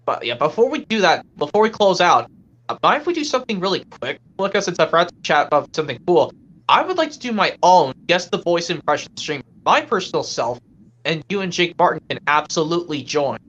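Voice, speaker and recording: Rambling, lively co-host on a chat stream. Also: medium pitch, brisk, muffled recording. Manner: rambling, restarting sentences.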